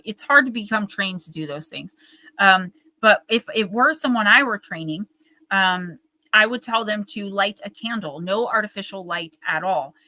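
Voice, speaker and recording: Bright-voiced woman telling animated stories. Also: mid-range voice, low-quality recording. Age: 40s. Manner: animated, fast storytelling with many fillers. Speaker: guest medium and author. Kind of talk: casual storytelling interview.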